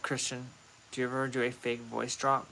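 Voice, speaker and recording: A man casually hosting a livestream, talking straight to his viewers in a playful, rambling way. His voice is bright and forward. He sits in a middle range of pitch. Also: level tone, moderate pace, vocal fry. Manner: chatty, playful, talks to chat directly. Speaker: livestream host.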